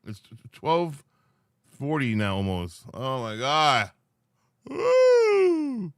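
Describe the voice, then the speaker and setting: A man's voice: medium pitch, animated, slow pace, a bit bright, smooth, no room sound, clean studio sound. A sleepy man hosting a livestream, chatting loosely with viewers and teasing them. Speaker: livestream host. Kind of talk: casual livestream chat.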